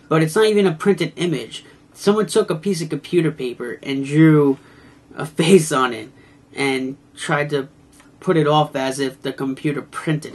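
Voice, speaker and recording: Man, casual video review, wry and mocking, husky voice, fairly high-pitched. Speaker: movie reviewer.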